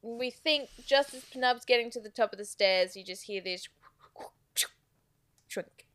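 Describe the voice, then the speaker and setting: A woman's voice: on the high side, measured pace, fairly bright tone. A woman co-hosting a film podcast, chatty, adding details and agreeing often in casual conversation. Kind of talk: casual chat.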